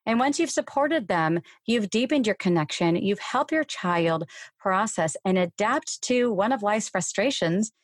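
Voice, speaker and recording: A woman hosting a solo parenting podcast, calmly explaining and modelling phrases parents can say to their children. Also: mid-range voice, unhurried, no room sound, clean studio sound. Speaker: podcast host and parent coach. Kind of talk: solo podcast advice talk.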